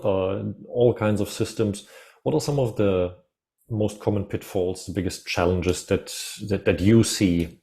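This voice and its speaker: A man's voice: lowish voice, creaky, mellow. A man hosting a podcast interview, agreeing and framing questions with hesitant restarts. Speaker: podcast host.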